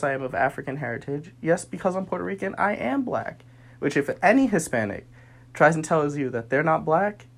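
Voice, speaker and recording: A man's voice: a little high, vocal fry. A young man speaking a personal monologue, earnest and weary, sometimes heated.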